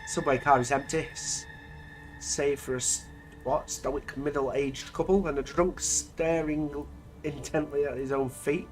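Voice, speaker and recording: Guy reading a story out slow, swearing and taking the piss between lines, bit of quiet music behind. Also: on the high side, steady tone. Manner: sweary, mocking asides between narrated lines. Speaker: channel host reading a story aloud. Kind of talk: reading an interactive story with reactions.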